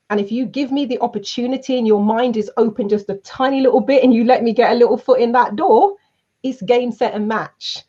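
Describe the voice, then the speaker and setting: A woman with a fairly high voice tells her story with energy, acting out the voices of the people in it. The recording is dull and lo-fi and has a muffled top end. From South London, England. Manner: lively, acts out quoted voices. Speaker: guest speaker and trainer. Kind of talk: animated storytelling in an interview.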